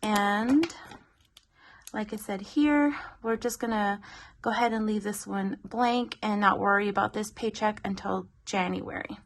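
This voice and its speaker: A woman's voice: mid-range voice, fairly even intonation, measured pace. A young pregnant woman, a little out of breath, chatting casually through her family's monthly budget with many fillers. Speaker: budgeting vlogger.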